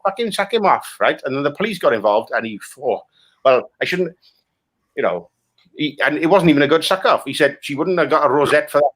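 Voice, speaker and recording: A Welsh man with a bright, forceful voice that swings up and down a lot. He rants crudely through improvised comedy chat, swearing freely as he pulls film pitches apart. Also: animated, brisk. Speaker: comic guest critiquing film pitches.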